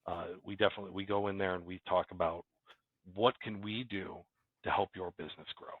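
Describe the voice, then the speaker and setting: This company president has a low, husky voice with little pitch movement and speaks fairly quickly as a casual interview guest. His talk rambles and restarts often, captured through dry, phone-like remote call audio.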